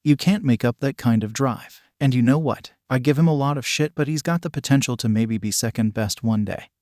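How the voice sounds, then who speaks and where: A man voicing a hot-tempered, foul-mouthed teenage boy in a read-aloud story, delivered in a fairly even reading voice. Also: mid-range voice, brisk, dry recording, studio quality, lightly acted. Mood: angry. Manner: brash, insulting, swearing.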